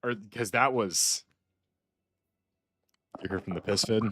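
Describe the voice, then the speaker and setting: A man's voice: on the low side, slow pace, a bit bright, a little hiss or hum. A young man streaming games and chatting casually, rambling with lots of "like" and restarts. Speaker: gaming streamer. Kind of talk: casual gaming chat.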